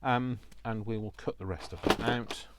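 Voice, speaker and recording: A man's voice: lowish voice, fairly even intonation, moderate pace, heavy background noise. A British man chatting casually to himself as he makes a craft project, joking at his own expense. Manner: chatty, self-mocking, talks to himself while working. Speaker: crafting vlogger.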